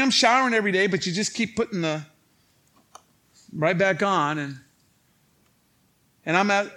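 A pastor with a Chicago accent, telling a funny story in a sermon to his congregation and acting out the voices in the dialogue. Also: high voice. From Illinois. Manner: animated, joking, acts out quoted dialogue. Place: church stage before a congregation.

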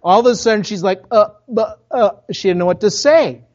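A pastor from Minnesota with a Minnesotan accent, preaching a sermon in a conversational storytelling way, full of asides to the congregation. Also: male voice, high voice, lively intonation, fast talker, darkish tone, muffled recording. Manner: conversational, with self-interrupting asides.

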